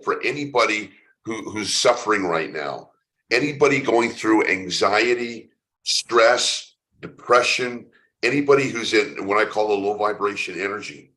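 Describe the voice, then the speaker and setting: A man's voice: on the low side, pushed and bright. A man from San Francisco, a spiritual coach being interviewed, telling his story in an earnest way and often repeating words as he starts his sentences. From San Francisco, United States. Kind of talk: conversational interview.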